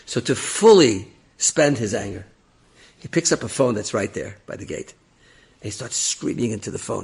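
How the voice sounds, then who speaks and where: Male rabbi storyteller: gravelly, raspy, very lively delivery, acts out every character. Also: mid-range voice, fairly quick. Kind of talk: animated storytelling.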